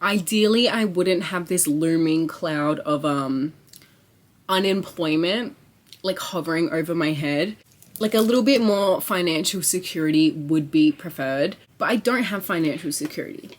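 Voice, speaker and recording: Excitable young woman vlogger. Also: fairly low pitch, normal speed. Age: young adult. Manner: excitable, swearing, rambling with lots of likes. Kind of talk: casual chat to camera.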